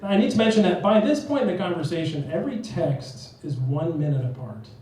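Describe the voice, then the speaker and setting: On a comedy club stage, a brash, profane young man from New Jersey runs through a stand-up set, acting out both sides of text chats in raised voices. His voice sits a bit high for a man, and he's expressive, brisk and a little mellow. He's heard from a distance in a very echoey room with faint background noise.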